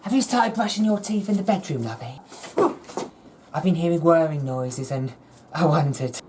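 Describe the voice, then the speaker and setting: A prying, gently persistent mother, played by a woman in a comedy sketch. She keeps calling her child lovey, her voice low with a faint hiss behind it. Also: expressive, normal speed. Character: nosy, fussing mother.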